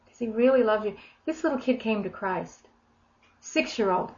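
Animated woman preaching, dull lo-fi sound. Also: mid-range voice, moderate pace. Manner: animated, acts out quoted voices with big swings in loudness. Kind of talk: informal sermon. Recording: dull lo-fi recording.

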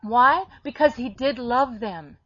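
A woman preaching a sermon in a blunt, emphatic way, rising into sharp bursts when she quotes others. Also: a little high, takes it slowly, lo-fi sound, slight background noise. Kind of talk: sermon-style teaching.

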